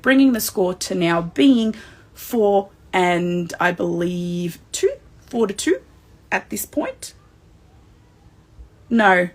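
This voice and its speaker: A woman with an Australian accent hosting a wrestling recap livestream, excitable and emotional as she speaks straight to the fans. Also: fairly high pitch, breathy edge.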